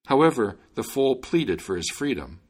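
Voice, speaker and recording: A man narrating a fairy tale in an expressive, lively reading style. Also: medium pitch, moderate pace, husky. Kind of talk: storybook narration.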